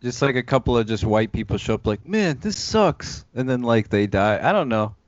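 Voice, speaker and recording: A man with a fairly low voice co-hosts a film podcast. He adds dry, wry remarks to the conversation. His voice is close and dry, and the audio is slightly dull. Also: steady tone, fast, no room sound. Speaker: podcast co-host. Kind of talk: casual film discussion.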